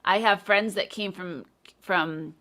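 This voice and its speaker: Bright-voiced woman hosting a chat. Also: mid-range voice, slow pace. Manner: thoughtful, hedging with fillers. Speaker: host, English teacher. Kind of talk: casual live interview.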